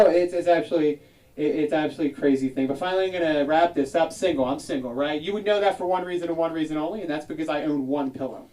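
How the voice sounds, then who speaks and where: Young comic, self-mocking, quick patter, a touch high, mic set back from the voice. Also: male voice, distant mic. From South New Jersey. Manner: animated, self-deprecating, acts out other people. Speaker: stand-up comedian. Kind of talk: stand-up comedy set.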